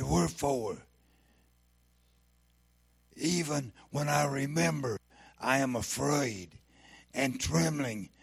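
A man preaching a sermon, breaking in with fervent shouts of praise. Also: mid-range voice. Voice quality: gravelly.

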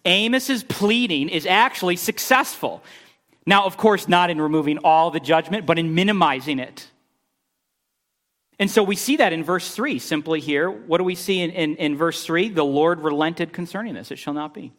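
A middle-aged man preaching a sermon, telling a story with animated, exasperated bursts. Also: normal speed. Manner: animated storytelling, rising pitch when exasperated. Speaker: pastor.

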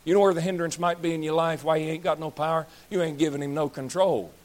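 Preacher guy in his 30s, fiery scolding sermon, kinda high voice, folksy jokes. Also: steady tone, fast. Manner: blunt, scolding, folksy and joking. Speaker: pastor.

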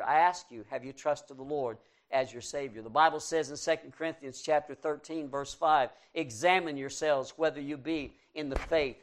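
An older male pastor delivering a sermon in an earnest, pleading way. His voice sits a little high for a man, and he repeats his questions to the congregation for emphasis.

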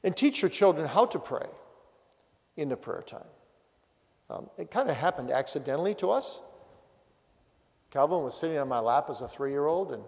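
A man's voice: a little high, sing-song, moderate pace, gravelly, long pauses. A man, a pastor, giving a teaching talk on family prayer with direct, practical exhortations. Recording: long hall reverb.

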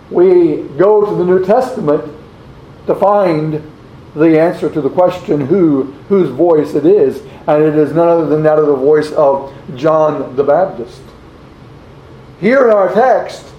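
A man delivering a sermon at a very unhurried, deliberate pace, his voice sitting a little high for a man. He asks questions of his listeners and reads scripture aloud. The recording is dull and lo-fi, with a roomy echo around him. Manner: slow, deliberate, repeats rhetorical questions; reads scripture aloud in old-fashioned wording. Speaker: preacher.

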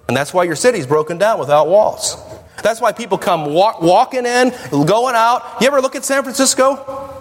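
A man's voice: sits high, lively intonation, normal speed. A man preaching a sermon to a congregation, emphatic and questioning his listeners. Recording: echoey hall with long reverb.

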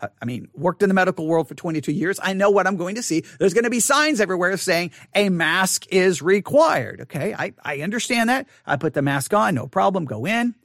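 A middle-aged man with a strikingly high voice tells a story in a loose, rambling, casual monologue at a brisk clip with hardly any pauses. He gets animated, acting out what people said, and when exasperated he climbs almost to a shout. The recording is dry, with nearly no room echo.

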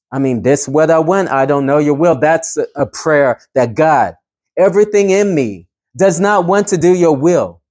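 A man's voice: fairly high pitch, darkish tone. A man preaching a sermon, earnest and emphatic, pushing his voice up to stress key points.

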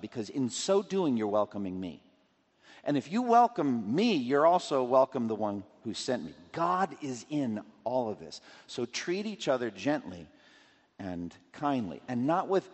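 Man, preacher, sermon, lively pitch, acts out quotes, long reverb. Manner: expository, acts out scripture quotes and scenarios.

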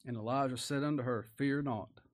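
Folksy preacher with tag questions. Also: male voice, medium pitch, steady tone, moderate pace. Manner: folksy, rhetorical tag questions, chuckles often. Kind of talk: sermon.

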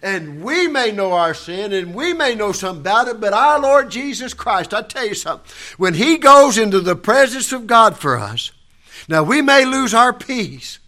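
A man preaching a sermon as pastor, fervent and building to shouts. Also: high-pitched, big pitch swings, moderate pace.

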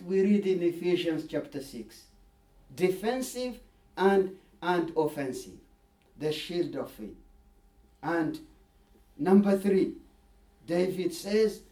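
A man's voice: sits high, slow, dark tone, distant mic. Earnest man teaching in an echoey hall. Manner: earnest, emphatic, repeats key phrases. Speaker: Bible study leader. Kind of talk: Bible study teaching. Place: church hall.

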